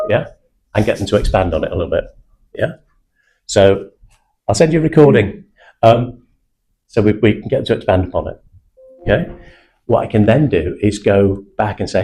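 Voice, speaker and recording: A man runs a sales training session, talking bluntly and confidently. His low, warm voice carries British slang. A faint room ambience sits underneath. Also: slight background noise, low-quality recording. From England (South Manchester). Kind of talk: live sales training talk.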